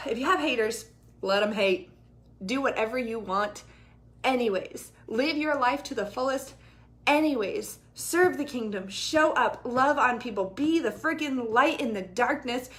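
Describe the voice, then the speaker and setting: A woman's voice: a little high, a little slow, fairly bright tone. A woman in her thirties, a fitness coach, chatting casually and animatedly to her viewers and swearing freely. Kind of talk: casual livestream chat. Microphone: ring light and camera close up.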